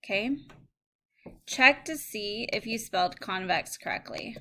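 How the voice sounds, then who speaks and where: A woman teacher giving a recorded phonics lesson, reading words and phrases slowly and clearly for students to spell. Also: medium pitch, bright, forceful tone. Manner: slow, clear word-by-word dictation.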